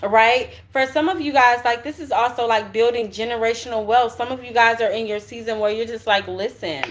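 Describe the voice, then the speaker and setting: A woman's voice: fairly high pitch, brisk. A woman giving a casual spiritual tarot reading, chatty and slangy, often checking in with "right?" and throwing in curse words. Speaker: tarot reader.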